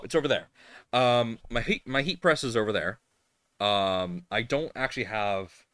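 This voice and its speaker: A man's voice: on the low side, fairly bright tone, dry recording. A man hosting a casual live stream from a home workshop, talking in a rambling way with lots of fillers and restarts. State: tearful at times. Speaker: live-stream host building a 3D printer.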